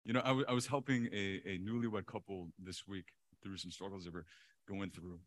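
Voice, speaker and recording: A male pastor preaching a sermon in an animated way, chuckling often and repeating words for emphasis. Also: sits low, brisk, dry recording.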